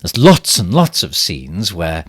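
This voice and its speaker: A pompous, swooping government minister. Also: male voice, huge pitch swings, slow pace, no echo, studio quality, heavily acted. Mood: smug. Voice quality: pompous, posh, swooping delivery with sudden pitch leaps. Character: pompous male government minister, bumbling and smug. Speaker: satirical character monologue. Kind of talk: comic monologue as a fake live stream.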